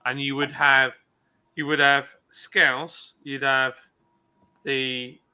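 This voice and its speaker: Slow, very bright man. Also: mid-range voice, flat delivery, clear, resonant tone. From England. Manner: rambling, mimics regional accents. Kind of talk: casual chat.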